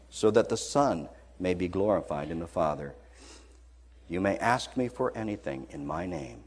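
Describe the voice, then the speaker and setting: A man preaching a sermon, telling a story dramatically, moving between hushed lines and loud, high passages. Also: expressive, unhurried, long pauses. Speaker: pastor.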